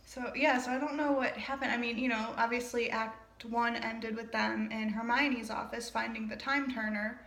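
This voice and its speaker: A woman's voice: a little high, fairly even intonation, moderate pace, gravelly, few pauses, a bit bright. A woman casually reading a play aloud and chatting about it, with frequent laughs and rambling asides. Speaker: reader and commentator. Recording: roomy echo.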